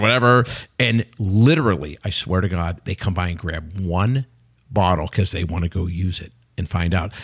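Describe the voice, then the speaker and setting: A gravelly, low-pitched middle-aged man talking fast. He tells stories in an animated way, acts out other people's lines, and keeps saying "okay" as he goes. His voice rises and falls a great deal. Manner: animated storyteller, acts out quotes, says "okay" a lot. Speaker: podcast guest, company CEO. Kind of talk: casual chat, animated storytelling.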